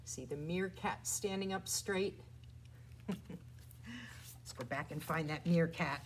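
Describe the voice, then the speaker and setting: At a toddler storytime, a woman who works as a children's librarian shares rhymes and a picture book, her delivery lurching between exaggerated soft and loud. Her voice is on the low side and unhurried, with slight background noise.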